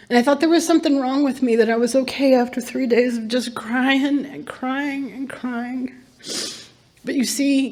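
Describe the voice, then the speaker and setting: A woman's voice: fairly high pitch, a little mellow. Middle-aged woman sharing her recovery story. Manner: earnest, emphatic storytelling with bursts of laughter. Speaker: recovery meeting speaker. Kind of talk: personal testimony talk.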